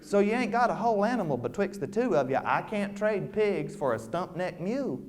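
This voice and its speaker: A man voicing a slow, shrewd old country trader who talks in a dry, deliberate way. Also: sits high, lively intonation, darkish tone. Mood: appraising.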